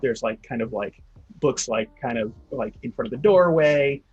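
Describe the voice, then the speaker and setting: A man's voice: medium pitch, moderate pace, a little mellow, husky, lo-fi sound. A man narrating as game master of a tabletop game, loose and full of fillers.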